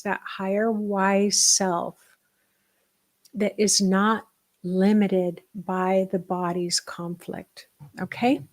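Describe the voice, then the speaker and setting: A middle-aged woman leads a spiritual workshop over a live stream, her voice sitting at an ordinary middle pitch. She teaches in an animated, emphatic way, rushing through some phrases and stretching others into soft, hushed asides.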